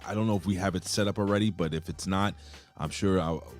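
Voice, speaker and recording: A man's voice: deep voice, steady tone, quick pace, a little mellow, faint music behind. A man co-hosting a casual wrestling review show, rambling and cursing freely with lots of fillers. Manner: loose, profane, rambling with frequent fillers. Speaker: podcast co-host.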